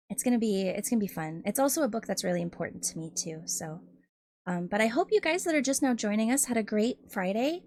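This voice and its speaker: A woman streamer chatting casually with her viewers, giggling often and hesitating with lots of ums. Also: fairly high pitch. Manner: giggly, laughs often between phrases; hesitant, many ums and restarts, admits nervousness.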